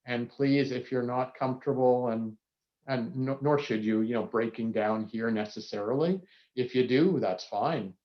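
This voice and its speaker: A man's voice: medium pitch, moderate pace. A male psychiatrist giving candid, reflective remarks on a panel over a video call, with self-deprecating asides. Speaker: psychiatrist guest speaker. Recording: dull lo-fi video call audio.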